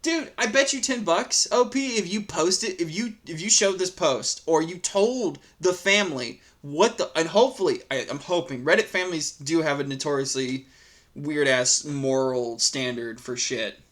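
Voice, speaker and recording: A man's voice: fairly high pitch, normal speed, a bit bright. Profane man ranting about a story. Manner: profane, heated ranting with many restarts. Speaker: story reader and commentator. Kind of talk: reading a post, then ranting commentary.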